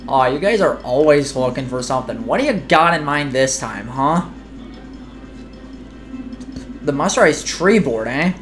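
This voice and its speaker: A woman voicing a gruff, pushy older male mushroom foreman from a video game, with a folksy drawl and a put-on accent, reading the game's lines aloud. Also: extremely low pitch, expressive, normal speed, faint music behind. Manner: folksy drawl, clipped slangy grammar; put-on accent she calls terrible.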